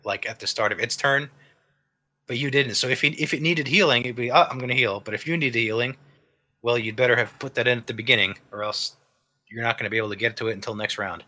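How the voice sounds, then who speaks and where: A man chatting casually on a podcast, explaining a game in a rambling way with frequent restarts. His voice is bright and clear, at an ordinary middle pitch. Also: fairly even intonation, fast talker. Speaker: podcast co-host reviewing a game. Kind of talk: casual chat.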